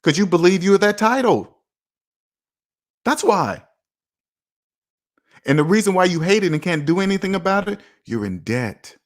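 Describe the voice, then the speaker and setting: A man's voice: high-pitched, very animated, moderate pace, pauses often. Emphatic man preaching to his viewers. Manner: emphatic, repeats himself for effect; preachy, talks straight to viewers. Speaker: personal finance vlogger. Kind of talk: casual motivational monologue.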